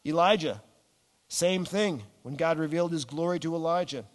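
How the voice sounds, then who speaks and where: A pastor preaches an animated sermon in a large hall. On key words he drops his voice low and slows down.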